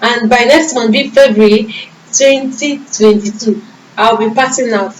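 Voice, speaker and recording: A woman's voice: a little high, fairly even intonation, a little slow, a little hiss or hum. A young woman with a Nigerian accent, a vlogger telling a personal faith testimony in an earnest, emotional way. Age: young adult. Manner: earnest, emotional storytelling with reported dialogue. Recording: echoey room from a distance.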